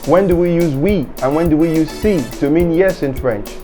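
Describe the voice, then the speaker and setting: A man teaching a French lesson in English, with a clear, measured delivery that repeats each example phrase. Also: fairly high pitch, mellow, soft background music. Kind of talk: scripted language lesson.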